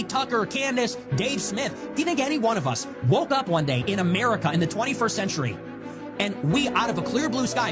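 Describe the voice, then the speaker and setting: A man delivering a fiery, profane political rant in an accusing tone. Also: high-pitched. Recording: loud music underneath.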